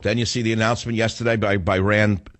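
A man's voice: on the low side, level tone, fast, a bit bright, dry recording. A man delivering a talk radio monologue, emphatic and full of rhetorical questions, hammering points by repeating phrases. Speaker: radio host.

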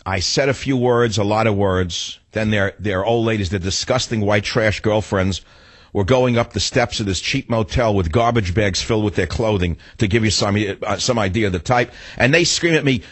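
Husky ranting New man. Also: mid-range voice, lively intonation, normal speed, no echo. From New York. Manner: blunt, ranting, digressive. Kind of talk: opinionated storytelling monologue.

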